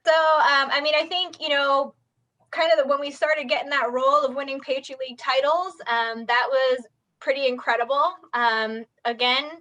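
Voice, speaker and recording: A woman's voice: sits high, steady tone, normal speed, bright, forceful tone, highs cut off. A woman, a former track athlete, thoughtfully recalling her team's wins in a casual chat.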